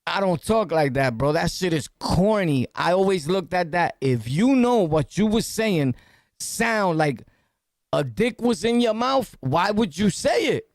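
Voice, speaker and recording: A man with a New York City accent talks loud and rough, swearing and laughing as he reacts to news clips on his podcast. His voice sits high and gravelly, recorded dry and close. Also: dry recording. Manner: loud, profane, laughing street talk. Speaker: podcast host.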